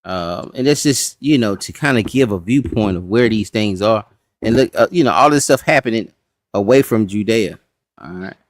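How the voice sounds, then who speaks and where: Bible study teacher, man, low and folksy, dry close mic. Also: animated, normal speed, no room sound. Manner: folksy, says y'all, talks to the class. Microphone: streaming setup.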